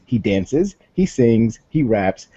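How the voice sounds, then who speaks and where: A man with a husky voice, giving a laid-back, assertive comic answer on a panel game. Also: mid-range voice, big pitch swings, slow, mellow, no echo. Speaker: panel contestant. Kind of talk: comedic improv answer. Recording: muffled lo-fi recording.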